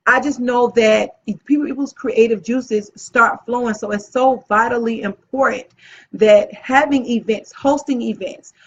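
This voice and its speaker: Female event planner, upbeat motivational coach, raised pitch, slightly muffled lo-fi recording. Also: measured pace, breathy edge. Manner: enthusiastic, talks with her hands. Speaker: event planner and channel host. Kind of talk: motivational teaching talk to camera.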